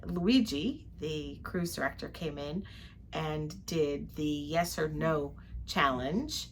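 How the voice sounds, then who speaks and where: An older woman co-hosts a travel vlog from a ship cabin, her voice sitting low with a fairly bright tone. She recaps her day casually, telling it in chatty detail and laughing often.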